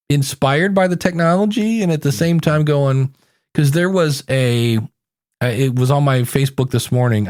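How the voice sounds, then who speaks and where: A man's voice: mid-range voice, darkish tone, no echo, studio quality. A middle-aged man hosting a podcast, chatting casually and acting out quotes with playful voices. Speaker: podcast host.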